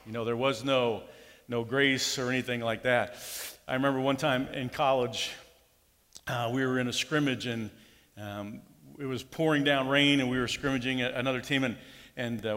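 A man's voice: medium pitch, a bit bright. Middle-aged guy preaching, folksy storytelling, church hall echo trailing off. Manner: folksy, tells personal stories, acts out quotes. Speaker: pastor. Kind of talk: sermon.

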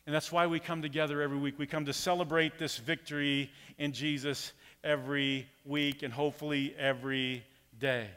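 A pastor preaches a sermon in a casual, conversational way, animatedly telling a story and acting out quotes. His voice is a little high and smooth, and the recording has a long hall reverb.

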